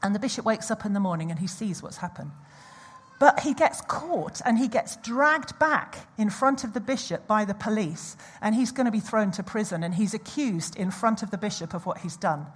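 Husky-voiced woman preaching. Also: mid-range voice, normal speed. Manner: animated storytelling with audience asides. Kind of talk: sermon.

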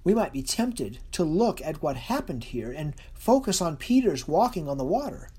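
Lively, husky-voiced preacher. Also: mid-range voice. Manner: earnest, expressive delivery with slow, soft emphatic drops. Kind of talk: sermon.

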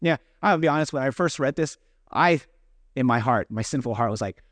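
A man's voice: mid-range voice, animated, a little fast, a bit bright, no echo. A man giving a sermon in a conversational, self-deprecating way, often acting out what people say. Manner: conversational, self-deprecating, acts out quoted voices. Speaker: pastor.

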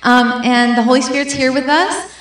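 A woman's voice: high voice, moderate pace, a bit bright. A woman leading a church baptism, speaking affectionately and encouragingly into a handheld microphone. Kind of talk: warm church address to a congregation. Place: large echoey church hall. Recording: very echoey hall from a distance.

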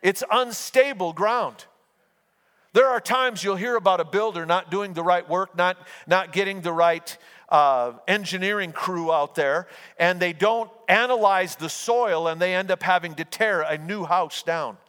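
A man's voice: sits high, a little slow, sharp tone, clear, resonant tone, long reverb tail. A man delivering a conversational sermon as a pastor, often restarting phrases and acting out small stories. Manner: conversational preaching with repeated restarts and acted-out anecdotes.

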